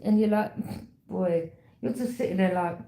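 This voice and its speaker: A woman's voice: mid-range voice, fast talker, mellow. A woman giving a tarot reading in a casual, conversational storytelling manner, knowing and direct. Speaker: tarot reader. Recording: echoey room.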